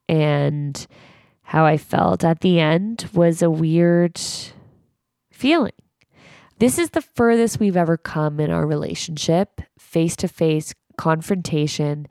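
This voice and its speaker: Woman podcast co-host; frank, rambling, slightly gravelly, close and dry. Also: darkish tone, no room sound. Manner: rambling and frank, swoops up high when quoting people. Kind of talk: candid podcast monologue.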